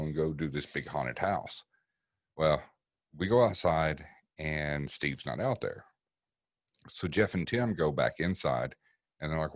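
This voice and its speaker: This is a man with an extremely deep voice, telling a story on a podcast in a relaxed, profane way. He acts out what the other people said as he goes. He sits close to a dry mic with no room sound. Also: no room sound. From East Tennessee. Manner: profane, vivid storyteller acting out quotes. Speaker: paranormal investigator guest.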